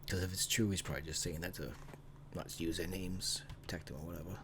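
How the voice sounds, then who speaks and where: Deep-voiced man, sleepy reaction asides. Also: fairly even intonation, quick pace, noisy background. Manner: laid-back, sleepy asides. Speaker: reaction video host. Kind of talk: casual reaction commentary.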